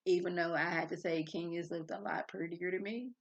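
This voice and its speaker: A woman's voice: on the low side, steady tone, fairly quick, hardly any pauses. Chatty woman rambling through an episode recap. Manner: rambling, goes off on tangents. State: a bit irritable before coffee. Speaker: reality TV recap vlogger. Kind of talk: casual chatty episode review. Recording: dull lo-fi sound.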